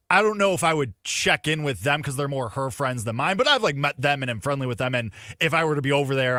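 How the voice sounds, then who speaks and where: A man from Chicago, co-host of a betting show, telling a story casually and excitedly. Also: mid-range voice, no room sound, studio quality. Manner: excitable, acts out quoted lines loudly.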